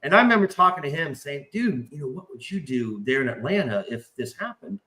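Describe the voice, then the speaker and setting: A man's voice: fairly high pitch, fairly quick. A man in casual chat, telling profane, rambling stories and acting out quoted voices. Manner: animated, acts out quoted voices. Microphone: remote stream call mic. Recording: roomy echo.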